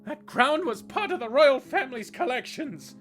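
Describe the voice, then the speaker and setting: A man voicing a shrill, furious middle-aged woman bishop scolding her daughter. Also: expressive, measured pace, faint music behind. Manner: scolding, shouting.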